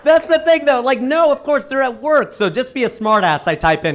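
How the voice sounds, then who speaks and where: A middle-aged man performing a stand-up comedy set on a club stage, with an animated, punchy delivery. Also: fairly quick, background noise. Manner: animated, punchy delivery with sudden jumps in pitch.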